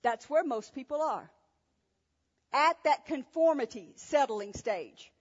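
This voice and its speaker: A woman's voice: high-pitched, expressive, slow. A woman preacher giving a sermon, asking rhetorical questions and telling stories with emphasis. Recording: echoey hall, dull sound.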